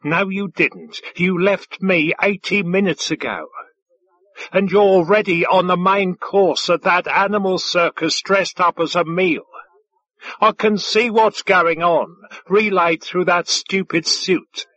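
A man's voice: sits high, slow pace, a bit bright, lo-fi sound, full character voice. Man doing an impatient, scolding ship module. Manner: insistent, scolding. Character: impatient ship module speaking through a suit.

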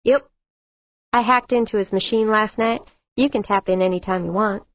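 A woman's voice: mid-range voice, moderate pace, dry recording, natural voice. A woman narrator voicing a spirited, wisecracking young woman spacecraft pilot in an audiobook. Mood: cheeky. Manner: breezy, wisecracking. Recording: dull lo-fi audiobook recording.

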